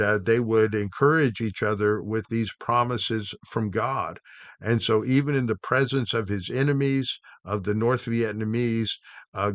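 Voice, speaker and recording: Man teaching scripture, low dry voice. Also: fairly bright tone, no echo. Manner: unhurried, with frequent "uh" pauses and restarts. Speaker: Bible teacher. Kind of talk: devotional Bible teaching.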